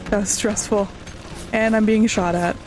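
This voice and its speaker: A woman at home commentating live as she plays, her voice sitting at an ordinary middle pitch. She startles easily, curses freely and laughs nervously between remarks. A faint background noise runs under her talk. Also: steady tone, measured pace, a little mellow. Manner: jumpy, swears often, nervous laughs. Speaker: streamer.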